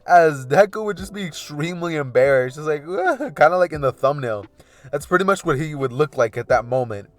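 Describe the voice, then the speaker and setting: A man casually narrating a what-if fan story, rambling with loose filler phrases. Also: fairly high pitch.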